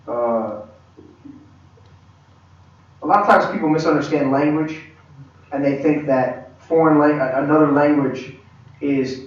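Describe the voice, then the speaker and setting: A man teaching a church leadership class in a conversational, halting way, with many restarts. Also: mid-range voice. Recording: echoey room, far from mic, dull.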